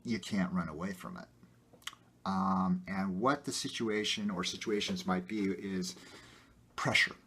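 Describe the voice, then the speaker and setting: A man talking casually to his viewers about his own life, rambling with many fillers and getting animated. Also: low-pitched, unhurried, a little hiss or hum. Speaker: video host. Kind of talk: casual personal talk to camera.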